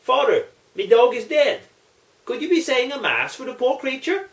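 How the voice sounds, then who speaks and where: A man's voice: very high-pitched, sing-song, moderate pace, roomy sound, voice pushed up, full character voice. A man voicing a lonely Irish countryman in a joke, pleading in a raised voice. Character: Irish countryman, grieving dog owner.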